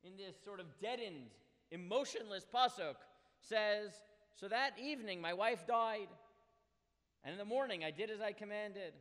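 A man's voice: high-pitched, moderate pace, fairly bright tone, in a large hall. A man teaching a text study lesson, reading verses and explaining them with earnest emphasis. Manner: reads Hebrew verses and translates them aloud. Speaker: Torah teacher.

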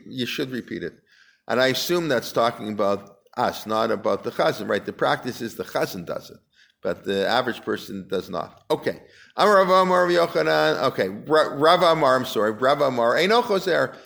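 Medium-pitched, creaky and fairly bright, this man leads a Talmud class. After chanting passages in Aramaic, he explains them in relaxed English, asks his students questions, and frequently starts his sentences over.

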